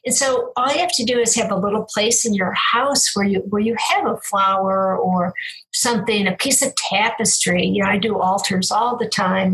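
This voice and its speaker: A woman's voice: mid-range voice, normal speed, over loud music, rough recording. A woman who worked as a hospital chaplain, telling a story in casual conversation in an earnest, spiritual and meandering way, often restarting her sentences. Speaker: former hospital chaplain, guest.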